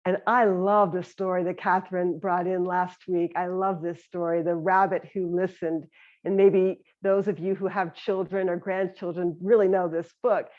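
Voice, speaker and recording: A woman meditation teacher giving a gentle, reflective talk on compassionate listening. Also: on the low side, little pitch movement, normal speed. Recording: slightly dull lo-fi sound.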